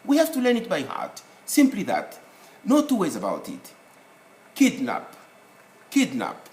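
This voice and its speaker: A man's voice: high voice, wildly swooping pitch, normal speed, darkish tone. A man giving a recorded lesson as a teacher, explaining rules step by step and spelling out the letters of his examples. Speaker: English teacher. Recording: echoey room with faint noise.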